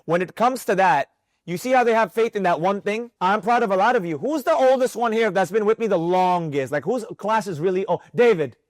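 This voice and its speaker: Speaking a little fast in a voice that sits high, a man teaches students in a live trading mentorship class. He's animated and preachy, hammering points through repetition. The sound carries no echo.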